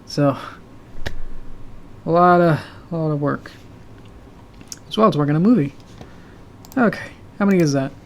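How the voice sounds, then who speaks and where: Man with a sore throat, hesitant. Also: a little high. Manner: halting, with filler words and soft laughs. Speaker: animator streamer. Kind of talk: casual live-stream chat. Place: home room with a loud heater. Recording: faint heater hum behind.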